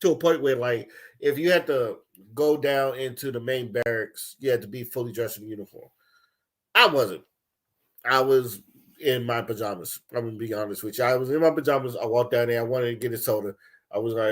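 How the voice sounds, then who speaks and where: A young man ranting casually, telling loose, profane stories with lots of laughter and swings between loud bursts and low mumbles. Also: fairly quick. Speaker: commentator. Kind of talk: casual rant.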